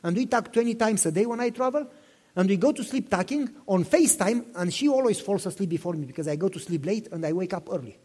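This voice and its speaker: A man's voice: high voice, lively intonation, fast talker, darkish tone, slightly rough. A pastor in his fifties preaching a sermon, telling personal stories with passion, repeating himself and asking listeners questions. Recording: long reverb in a hall.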